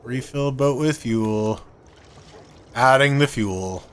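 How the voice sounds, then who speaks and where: A man's voice: mid-range voice, slow pace, slight background noise. Laid-back man calling out game objectives. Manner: relaxed, narrates objectives aloud. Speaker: game streamer. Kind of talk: casual co-op gaming chat.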